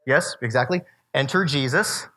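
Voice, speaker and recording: Bright-voiced animated male preacher. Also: medium pitch, moderate pace. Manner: casual, animated preaching with slang. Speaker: youth pastor. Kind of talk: sermon.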